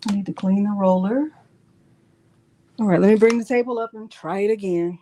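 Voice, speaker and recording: Hosting a crafting livestream, a middle-aged woman chats casually with viewers she calls y'all, teasing herself and muttering as she works. Her mid-range voice is warm and lively at a moderate pace, with long pauses and a little hiss or hum.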